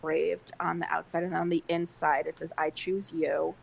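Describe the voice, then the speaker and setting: A woman's voice: deep voice, level tone, moderate pace, creaky, slightly rough, rough recording. A woman co-hosting a podcast, telling a story in casual chat with many fillers. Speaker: podcast co-host.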